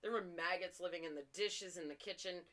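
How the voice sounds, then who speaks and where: A young woman co-hosting a casual podcast chat, trading dark humor about killers and swearing casually, with lots of fillers. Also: lowish voice, brisk. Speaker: podcast co-host.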